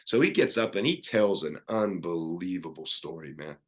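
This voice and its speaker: A man's voice: low-pitched, normal speed. Earnest man telling his life story. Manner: earnest, animated storytelling with many restarts. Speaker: podcast guest. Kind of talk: personal storytelling.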